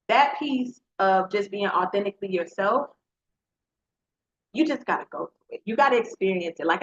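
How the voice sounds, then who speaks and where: A woman's voice: mid-range voice, a bit bright. A woman hosting a motivational podcast, talking earnestly and directly to her listeners like a preacher. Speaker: podcast host. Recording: slightly dull lo-fi sound.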